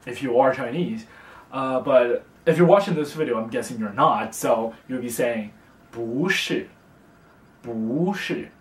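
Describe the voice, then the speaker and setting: A young man teaching a casual beginner language lesson, speaking slowly and patiently and repeating phrases for the learner. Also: mid-range voice, recorded from a distance. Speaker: language tutor. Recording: echoey room, voice from off the mic.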